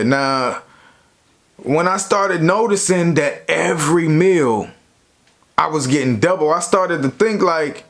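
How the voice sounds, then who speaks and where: A man's voice: high voice, a little slow. Slangy young man telling a story. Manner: slangy, relaxed, lots of "you know". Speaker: YouTuber. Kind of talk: casual storytelling.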